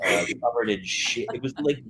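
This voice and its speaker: A middle-aged man hosting a podcast speaks at medium pitch and a slightly fast pace over a noisy background. He's an animated storyteller in casual chat, acting out quotes and laughing often.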